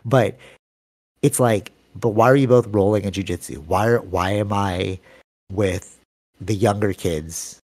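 A man's voice: lowish voice, measured pace, a little mellow. A man in his thirties hosting a casual podcast chat, talking with lots of energy and many "like"s and "you know"s. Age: 30s. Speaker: podcast host.

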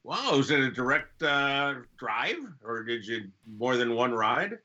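A man hosting a podcast, joking and reacting quickly in a casual interview chat. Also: medium pitch, lively intonation, sharp tone. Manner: jokey, quick reactions, teasing. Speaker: podcast host. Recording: slightly dull lo-fi sound.

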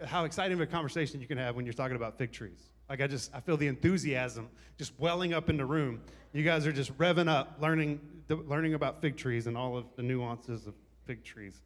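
A pastor delivers his sermon in a loose, conversational way, joking with the congregation as he goes. His voice sits a little high for a man. The sound carries the long reverb of a large hall.

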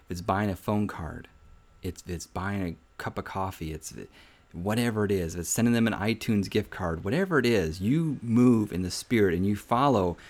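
A man's voice: on the low side, moderate pace, darkish tone. A man hosting a devotional podcast, preaching informally in an earnest, exhorting way, repeating phrases for emphasis and often saying "man". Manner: conversational, often says "man". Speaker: podcast host giving a devotional.

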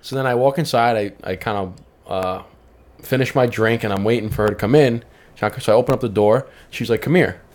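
A man's voice: medium pitch, brisk. A man co-hosting a podcast in casual chat, laid-back and swearing freely, with a New York accent. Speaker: podcast co-host.

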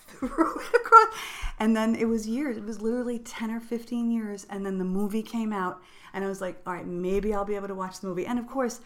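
A woman's voice: medium pitch, steady tone, quick pace, few pauses, darkish tone. Chatty woman in her fifties. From New York. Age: 50s. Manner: chatty, storytelling, laughs often. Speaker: podcast co-host. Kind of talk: casual chat.

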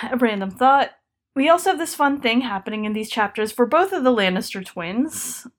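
A woman's voice: on the high side, lively intonation, moderate pace. A woman co-hosting a podcast, chatting casually about a book with lots of fillers and frequent laughter. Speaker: podcast co-host. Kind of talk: casual book discussion chat.

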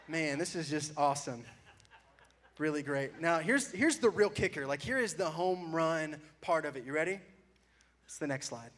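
A man with a high, light voice preaches to a congregation in church. He tells stories about himself in a loose, joking way and laughs at his own awkwardness often. He sounds like a pastor in his thirties. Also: normal speed, a bit bright. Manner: joking, self-mocking storytelling, laughing often. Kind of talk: sermon.

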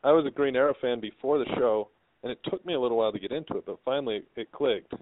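Fast-talking man on a tinny line. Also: mid-range voice. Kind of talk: casual fan chat. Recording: tinny phone-like sound.

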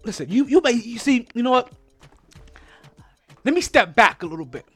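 A man's voice: very high-pitched, big pitch swings, moderate pace, a bit bright, slightly rough. Brief: man, sports podcast host, fired-up profane rant, faint music bed underneath. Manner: profane, heated, repeats words when riled.

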